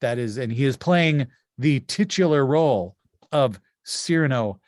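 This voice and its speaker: A man hosting an improvised insult game from home over a video call, chatty, with quick asides and frequent laughs. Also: medium pitch, animated, darkish tone, dry recording, studio quality. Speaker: game show host.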